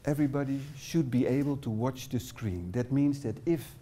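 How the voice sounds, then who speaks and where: Dutch-accented middle-aged male trainer, mellow tone, halting English with fillers, small classroom. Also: medium pitch. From Netherlands. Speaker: workshop trainer. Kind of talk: live workshop presentation.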